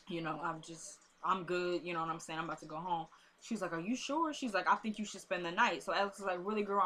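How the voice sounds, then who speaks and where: A woman's voice: medium pitch, bright, forceful tone. A young woman, chatting casually as she recaps a TV episode and retells the scenes with quoted lines and asides.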